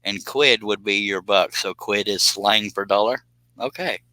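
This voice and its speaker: Low, bright-voiced man streaming. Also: a little slow, no room sound, rough recording. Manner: joking, rambling, laughs at his own jokes. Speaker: live streamer. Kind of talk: casual live stream chat, reading viewer comments.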